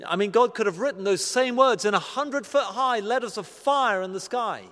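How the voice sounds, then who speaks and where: A man preaching a sermon, earnest and emphatic, slowing down to stress key words and asking rhetorical questions with dry humor. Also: high-pitched, a bit bright. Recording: long reverb of a large hall.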